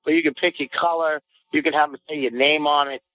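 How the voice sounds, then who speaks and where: A man co-hosting a podcast, telling boastful stories in animated, casual banter and quick to get riled. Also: fairly high pitch. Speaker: podcast co-host. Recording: phone-like lo-fi audio.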